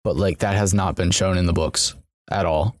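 A man's voice: low voice, steady tone, normal speed, dry recording, studio quality. A man on a podcast over a video call, rambling with many fillers and swear words. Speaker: podcast guest. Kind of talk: casual chat.

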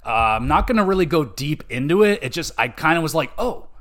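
Young male podcast host, slightly high voice, excitable and foul-mouthed, loose rambling chat. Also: fast. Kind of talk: casual game review chat.

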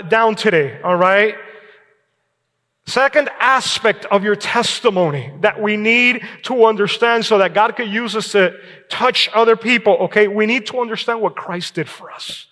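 Male pastor, high voice, sermon in a church with long reverb, conversational check-ins. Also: pushed and bright. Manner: preaching with frequent "all right?" check-ins and short laughs. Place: church sanctuary.

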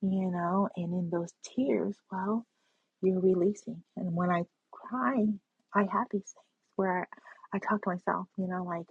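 A woman's voice: on the low side, fairly even intonation, measured pace, creaky, slightly rough, no echo. A woman giving an earnest, spiritual personal monologue, often checking in with "right?" and "you know". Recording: dull lo-fi sound.

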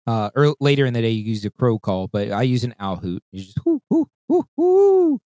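A man's voice: fairly low pitch, fast talker, no echo. A man casually telling a long hunting story, swearing a lot and acting out voices and calls. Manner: profane, animated, acts out voices and calls.

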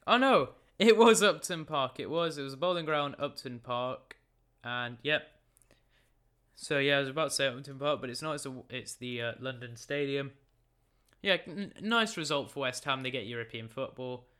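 Brief: young man in his late teens doing a chatty, jokey football results rundown; bright, smooth voice. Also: medium pitch, moderate pace. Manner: chatty, joking, stumbling over names. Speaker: football recap presenter. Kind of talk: casual football results recap. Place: room at a computer.

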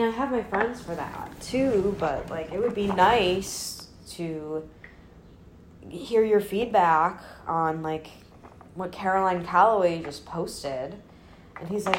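A woman in her twenties with a low voice talks on her own in a loose, rambling way, putting herself down and swearing freely. She is recording in her apartment, with a faint background hum. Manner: candid, self-deprecating, rambling with fillers and profanity. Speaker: podcast host. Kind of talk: casual solo chat. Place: old apartment, indoors.

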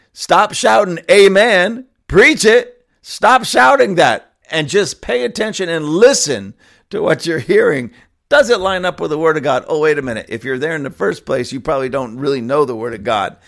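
A male pastor preaching in a fiery, emphatic way, leaning hard on his words and chuckling wryly between points. His voice sits a little higher than most men's. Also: fairly bright tone. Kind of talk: sermon.

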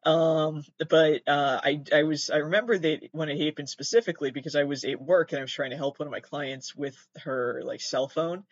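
A man's voice: on the high side, a little fast, hardly any pauses, no echo, dull audio. A young man from Massachusetts hosting a podcast, rambling through casual commentary with swearing and self-mocking asides. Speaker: podcast host.

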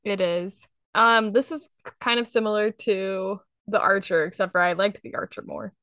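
A young woman co-hosting a podcast, telling stories in a casual, giggly, animated way. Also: medium pitch, moderate pace, no echo. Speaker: podcast co-host. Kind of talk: casual chat.

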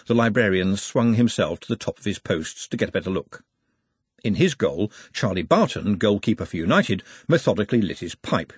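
A man narrating a comic novel, his pitch swinging expressively as he reads. His voice is husky and grainy. It is recorded close and dry, with no room around it. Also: dry recording. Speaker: audiobook narrator. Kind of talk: scripted narration.

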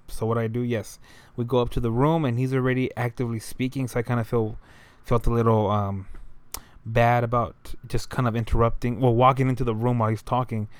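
A man's voice: medium pitch, clean tone, dry recording. A young man telling a story in a loose, rambling way, full of slang and fillers. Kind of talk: casual storytelling monologue.

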